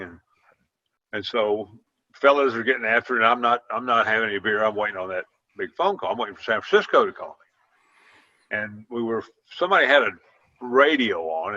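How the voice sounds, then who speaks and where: A former football player, now an older man, chats casually on a video call, telling drawn-out, folksy stories full of quoted dialogue. He has a lowish voice with a sharp tone, captured in dull lo-fi sound.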